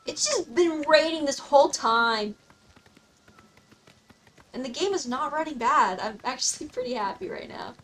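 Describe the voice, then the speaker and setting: A young woman is livestreaming a game and chatting away in a high, bubbly voice. She keeps things playful, giggling often and slipping into mock-formal phrases. A faint hiss sits under her talk. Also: expressive, measured pace, pauses often, fairly bright tone, poor audio. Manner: playful, giggly, rambling, mock-old-fashioned asides. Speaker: streamer. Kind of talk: casual gameplay commentary.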